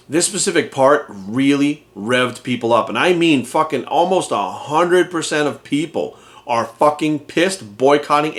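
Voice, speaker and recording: A fitness coach rants into his channel, heated, indignant and swearing freely. His voice sits a little higher than most men's. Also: fairly bright tone. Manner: profane, heated, indignant ranting. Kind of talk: ranting commentary to camera.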